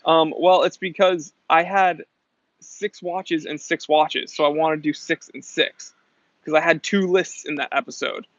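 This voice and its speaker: A young man with a slightly high voice chats casually through a live stream, answering comments in a loose, upbeat way. His voice is close and dry, with a somewhat dull, lo-fi sound. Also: fairly even intonation, measured pace, dry recording. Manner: casual, upbeat, chatty with fillers. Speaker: host.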